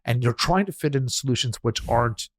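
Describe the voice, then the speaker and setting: A man hosting a podcast interview in casual chat, quick and rambling with restarts. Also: medium pitch, expressive. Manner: fast, chatty, restarts and laughs. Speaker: podcast host.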